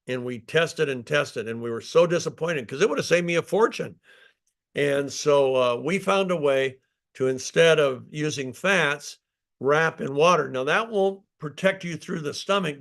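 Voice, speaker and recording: Older guy, founder talking live, gravelly and a bit high, lots of uh and um, keeps restarting. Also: a bit bright. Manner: storytelling, emphatic, with frequent fillers and restarts. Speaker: company founder. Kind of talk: live product talk.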